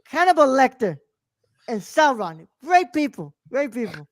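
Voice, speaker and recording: A man's voice: very high-pitched, very animated, unhurried, no room sound, heavily acted. Guy doing a bragging politician bit, repeats every brag, dry close sound. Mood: boastful. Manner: rambling, repetitive bragging. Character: boastful male politician impression.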